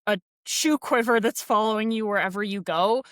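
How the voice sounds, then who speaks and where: A young woman chats casually as a coaching podcast co-host, leaning on fillers as she explains. Her voice sits at a middle pitch. The sound is close and dry, with no room around it. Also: moderate pace, no room sound. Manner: chatty, many "like" fillers, playful. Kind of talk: casual chat.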